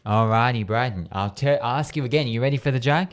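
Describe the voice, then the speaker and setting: A man's voice: mid-range voice, fast talker, over loud music. A man with an Australian accent hosting a radio show, telling a long joke in a chatty way and laughing at his own punchlines. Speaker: radio host. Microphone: studio microphone.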